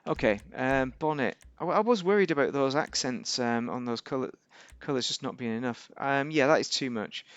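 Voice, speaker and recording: A man's voice: mid-range voice, animated, normal speed, hardly any pauses, no echo, highs cut off. A man giving casual, rambling gameplay commentary as a YouTuber, correcting himself and making wry asides. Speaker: gaming YouTuber.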